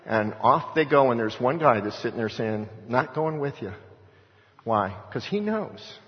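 A man's voice: mid-range voice, expressive, unhurried. A middle-aged man preaching a sermon as pastor, telling a story and exhorting with emphatic repetition. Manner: storytelling with acted-out voices of others. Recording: echoey hall, dull lo-fi sound.

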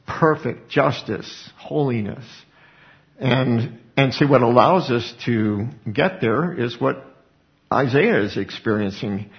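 A male preacher giving a sermon, expounding scripture earnestly and breaking into animated asides, on a dull lo-fi recording. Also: medium pitch, slow pace.

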